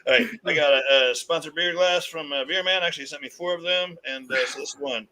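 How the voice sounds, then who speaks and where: A man's voice: on the high side, brisk, sharp tone. A man chatting upbeat and casually as a guest on a live video call, with playful exclamations. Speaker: guest on a live beer show. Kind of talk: casual live-stream chat.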